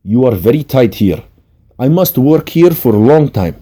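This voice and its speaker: A man's voice: medium pitch, animated, normal speed, dark tone, slightly rough, pitched above the performer's own voice. A man putting on a blunt older Russian masseuse. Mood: matter-of-fact. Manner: blunt broken English.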